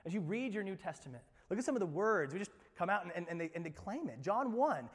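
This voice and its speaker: High-voiced man preaching in a reverberant church. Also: expressive, quick pace. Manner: dynamic preaching, swinging from loud emphatic lines to near-whispers; repeats words and restarts phrases when emphatic. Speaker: pastor. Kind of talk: sermon. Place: church sanctuary. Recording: long hall reverb from a church room.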